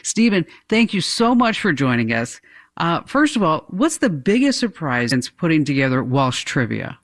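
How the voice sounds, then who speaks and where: A woman's voice: deep voice, very animated, moderate pace. Chatty woman radio host. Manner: chatty, playful, acts out little voices. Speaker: radio talk show host. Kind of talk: radio ad read and interview.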